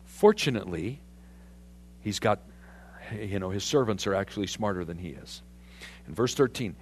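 A man preaching a sermon, animated and conversational, putting questions to his congregation. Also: lowish voice, moderate pace, pauses often, slight background noise. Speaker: pastor.

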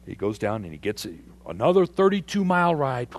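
A man preaching a sermon, animated and conversational, putting questions to his congregation. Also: mid-range voice, a little fast. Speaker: pastor.

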